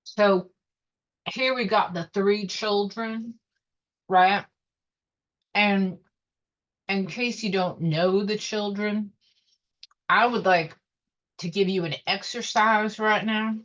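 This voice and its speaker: A woman psychic host talking straight to her viewers with intense, repetitive urgency, at times leading a slow guided meditation. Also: medium pitch, fairly even intonation, a bit bright, dull audio. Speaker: self-styled psychic host. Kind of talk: emotional monologue to camera.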